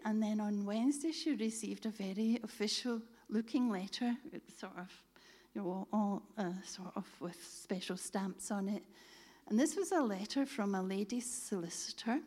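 A middle-aged woman telling a lively faith story to a church audience, acting out the dialogue. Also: medium pitch, moderate pace. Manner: lively, animated storytelling, quoting others in dialogue. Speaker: speaker telling a testimony.

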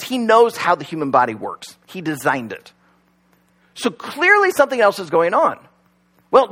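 A male pastor preaching in a loose, joking, conversational way, peppered with fillers. His voice sits high and swoops widely as he tells stories. It is a sermon at a service that is also streamed online. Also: fairly bright tone.

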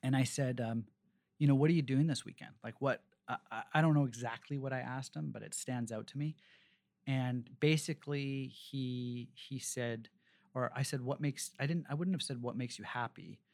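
A man's voice: mid-range voice, normal speed, creaky. A man in his forties, a restaurateur from Canada, telling long rambling stories in a casual interview, with plenty of fillers and restarts. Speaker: restaurateur guest.

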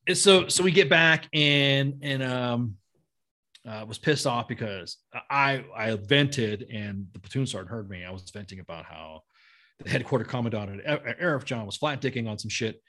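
A man's voice: medium pitch, animated, moderate pace, bright, forceful tone. A middle-aged man, a non-native English speaker and army veteran, telling war stories in a blunt, profane, rambling way full of restarts. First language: not English. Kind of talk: casual storytelling.

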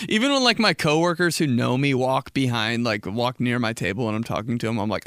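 A young man hosting his own podcast talks in a loose, rambling way, full of "like" filler, and he keeps jumping into jokey high voices. His voice sits in an ordinary middle range. It comes through a close mic in a dry, deadened room. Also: animated, fast talker, hardly any pauses, fairly bright tone, no room sound. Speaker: podcast host. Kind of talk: casual solo podcast chat.

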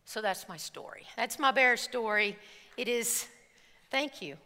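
A woman preacher telling an animated personal story in a sermon, acting out the scenes before turning to scripture. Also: on the high side, measured pace, a little hiss or hum. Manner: animated storytelling, acts out screams and quotes. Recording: reverberant hall.

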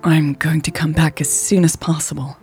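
A woman voicing a thoughtful young woman in sales, speaking in a low, measured way. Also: flat delivery, a little mellow, soft background music. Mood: reflective.

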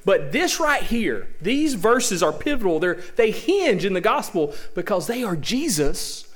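A man preaching a sermon in a lively, joking way, often tossing rhetorical questions to the congregation. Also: sits high, a little slow.

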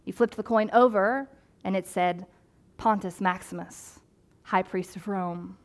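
A woman pastor delivers a sermon in a relaxed, conversational way. Her voice sits at a middling pitch, and she animates the story with quick asides and playful voices for the people in it.

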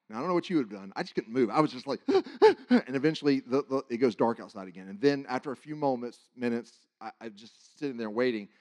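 A man preaching, telling a personal testimony in an animated, halting way, with many restarts and sudden drops to a hush. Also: medium pitch. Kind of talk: sermon testimony storytelling.

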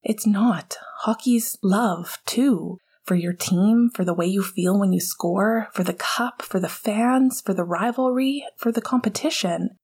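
A woman voicing a gentle, devoted young man comforting his partner in a whispered role-play, soft and earnest. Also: medium pitch, unhurried, hardly any pauses, husky. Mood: soothing.

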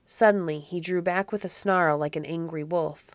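A woman narrating a classic children's story in a measured, expressive reading. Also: fairly low pitch, dry recording. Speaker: audiobook narrator.

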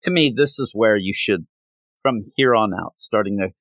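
A man hosting a podcast, chatting casually about comic books and retelling scenes with quick voiced quotes. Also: on the low side, a bit bright, dry recording. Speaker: podcast host. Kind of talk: casual comic book review chat.

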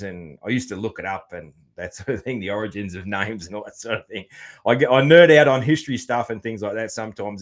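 An Australian man with a mid-range voice hosts a casual podcast chat. He's laid-back and loose-tongued, swearing casually and padding his talk with fillers.

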